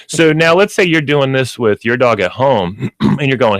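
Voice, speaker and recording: Hosting a pet radio show, a man explains dog training step by step in a lively, animated, instructive way. His mid-range voice keeps a moderate pace, with no room sound in the recording.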